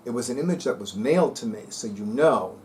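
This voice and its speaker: A man's voice: medium pitch, animated, a little fast, noisy background. A man talking casually to viewers as a vlog host, sassy, emphatic and dramatic. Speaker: spiritual video host.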